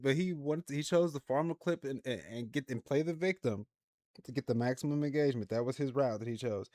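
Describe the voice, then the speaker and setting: A man hosting a livestream, reacting to clips in casual, slangy, animated commentary. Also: medium pitch, fairly quick, no echo, studio quality.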